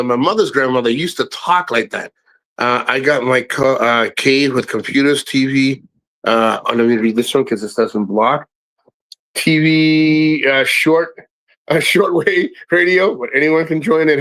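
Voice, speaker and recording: Man, middle-aged, casual livestream chat, rambling, blunt, swearing, bright voice. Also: mid-range voice, moderate pace. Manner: rambling, frank, swears freely, many restarts; addresses viewers directly. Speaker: live streamer.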